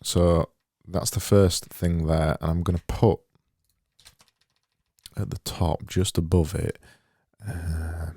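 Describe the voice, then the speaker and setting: Low, slow man thinking aloud. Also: level tone, warm tone, slightly rough, no echo, clean studio sound. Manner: thinking aloud, muttering, self-deprecating. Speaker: graphic designer making visuals. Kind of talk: casual screen-recorded work commentary.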